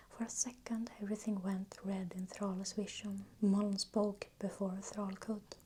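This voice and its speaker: A woman reading a fantasy novel aloud close to a new microphone, in a soft, unhurried whispered role-play. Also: mid-range voice, little pitch movement, a little hiss or hum. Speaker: ASMR reader.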